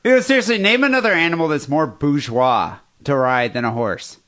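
Male podcast co-host, slightly high voice, rambling and mocking in loose banter. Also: expressive, a little fast, fairly bright tone. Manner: rambling, mocking, many fillers.

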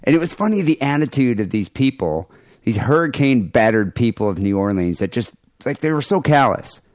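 A man co-hosting a podcast, telling crude stories in casual, animated chat. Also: medium pitch, brisk, dry recording. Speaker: podcast co-host.

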